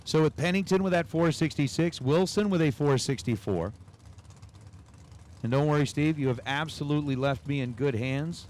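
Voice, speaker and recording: A man's voice: a little high, moderate pace, a little mellow. A man announcing drag races on a livestream, calling numbers and chatting with viewers between runs. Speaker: race announcer. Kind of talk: livestream race commentary with chat.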